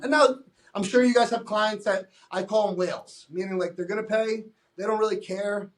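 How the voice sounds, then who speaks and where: Blunt, high-voiced male fitness coach. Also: normal speed. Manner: blunt, emphatic, swears freely; acts out exchanges with clients in quoted voices. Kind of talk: casual podcast conversation.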